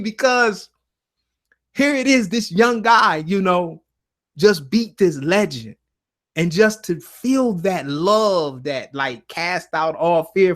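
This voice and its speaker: A man's voice: sits high, a bit bright. A man hosting a casual live-stream show, telling stories earnestly with many restarts and fillers. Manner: emotional, earnest.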